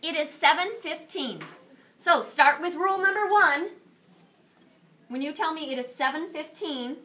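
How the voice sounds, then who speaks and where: High, bright-voiced playful woman teacher. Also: unhurried. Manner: playful, animated teacher quizzing students. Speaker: Spanish teacher. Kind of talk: classroom lesson. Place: classroom. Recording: distant classroom camera with faint noise.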